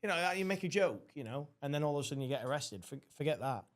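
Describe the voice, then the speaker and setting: A man's voice: on the high side, lively intonation, fast. A man hosting a podcast, telling rambling anecdotes in casual chat and swearing often. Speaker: podcast host.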